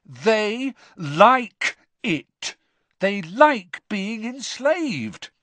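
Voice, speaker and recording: A man's voice: fairly high pitch, very animated, moderate pace, no room sound, voice pushed up. A man voicing a lazy, sarcastic teenage boy who mocks his friends. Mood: loud. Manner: sarcastic, mocking.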